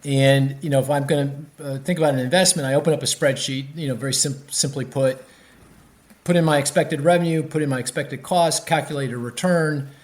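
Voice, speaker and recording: A man, an economist guest on a podcast interview, explaining with animated restarts and many fillers. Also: mid-range voice, a little fast.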